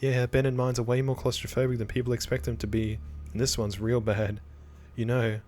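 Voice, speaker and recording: A man's voice: mid-range voice, level tone, brisk, darkish tone, a little hiss or hum, close to an everyday voice. A man voicing a wry, laid-back young woman who hunts ghosts and jokes about the dead. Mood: teasing. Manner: teasing, joking.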